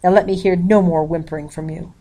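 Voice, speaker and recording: A woman's voice: on the low side, fairly even intonation, a little fast, mellow. A woman voicing a stern, commanding colonial father who roars orders, read from a storybook. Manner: roaring, commanding.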